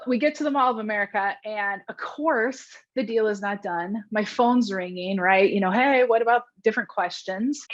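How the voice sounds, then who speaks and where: A woman's voice: on the high side, lo-fi sound. A woman in her thirties, a realtor and podcast guest, candidly telling her career story with lots of likes and ums.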